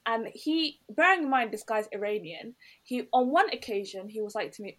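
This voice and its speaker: Fast-talking young woman telling a story. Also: on the high side. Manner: animated storyteller, acts out quotes, many restarts. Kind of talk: casual chat.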